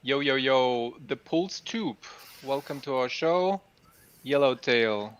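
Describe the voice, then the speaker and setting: A man's voice: mid-range voice, expressive, slow, fairly bright tone, clear, resonant tone. A man hosting a casual livestream, upbeat and greeting chat viewers by name. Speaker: livestream host. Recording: dull lo-fi sound.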